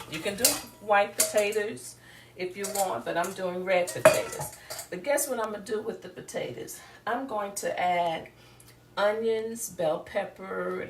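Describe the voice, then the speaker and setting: A chatty woman walks viewers through a home cooking demonstration, wandering off on asides and talking straight to them. Her voice sits a bit low and comes from some distance from the mic, in an echoey room. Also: noisy background. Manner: chatty and rambling, addresses viewers directly. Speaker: home cook.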